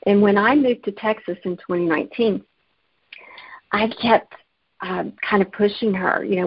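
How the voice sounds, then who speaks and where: A woman's voice: medium pitch, fairly even intonation, normal speed, long pauses, breathy edge, no room sound. A woman author from Alabama, telling her story in an earnest, storytelling way during an interview and laughing easily. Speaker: author and guest. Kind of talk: interview conversation. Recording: muffled lo-fi remote audio.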